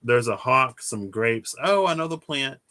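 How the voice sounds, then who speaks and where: A man giving a casual livestream tarot reading, thinking aloud in a rambling way with restarts and soft chuckles. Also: mid-range voice, animated, measured pace, dry recording. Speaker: tarot reader.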